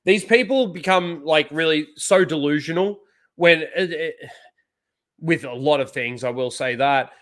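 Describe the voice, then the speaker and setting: A man's voice: a little high, measured pace, fairly bright tone. A man hosting a casual live-stream, talking loosely with many fillers, frank and sometimes profane. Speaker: host.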